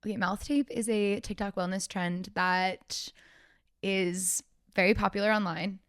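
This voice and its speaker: Lively young woman co-host. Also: medium pitch, smooth, no echo, clean studio sound. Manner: animated, joking, quick to correct others. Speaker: podcast co-host. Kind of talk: casual podcast chat.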